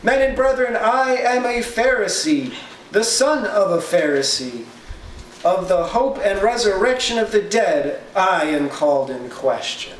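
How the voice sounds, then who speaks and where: A man's voice: fairly high pitch, a little slow, few pauses, close to an everyday voice. Brief: a man voicing an earnest apostle before a council, declaiming, slightly noisy room. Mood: earnest plea. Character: male apostle pleading before a hostile council. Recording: roomy echo, distant mic.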